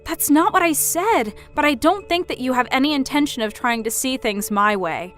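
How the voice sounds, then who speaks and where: A woman's voice: high voice, lively intonation, normal speed, fairly bright tone, faint music behind. A woman playing a firm young career woman. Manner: polite but firm, standing her ground.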